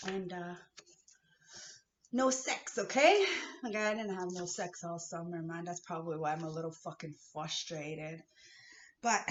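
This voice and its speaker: A woman from Kahnawake in Canada giving a heated spiritual rant to her viewers. She swears freely and swings between shouts and hushed whispers. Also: medium pitch. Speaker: vlogger. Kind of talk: emotional spiritual rant to camera. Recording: echoey dull-sounding room with faint hiss.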